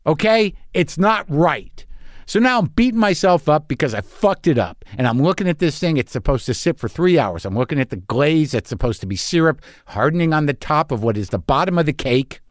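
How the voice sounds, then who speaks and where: A man's voice: a little high, animated, brisk, no room sound, studio quality. A man hosting a podcast, telling a comic story in a profane, self-mocking rant. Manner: profane, self-deprecating ranting. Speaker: podcast host. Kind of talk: comic monologue.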